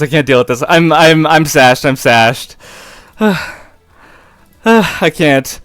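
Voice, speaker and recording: A man giving live gameplay commentary in an excitable way, often breaking into helpless laughter, on a close, dry mic. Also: a little high, slow, clean tone, no echo. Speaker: competitive game player and video creator.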